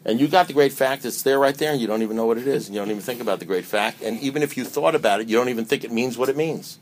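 With a mid-range voice and rapid-fire pace, a man delivers a speaker talk at a recovery meeting. His style is emphatic and sermon-like, packed with rhetorical questions, shifting between loud and quiet.

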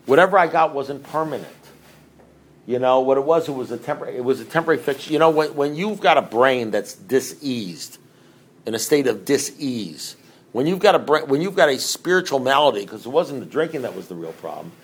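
A middle-aged man speaks to a recovery group in an easy, rambling way, with a voice of ordinary pitch. He keeps turning to the room with questions. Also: expressive, fairly quick, husky. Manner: rambling, conversational, asks the audience questions.

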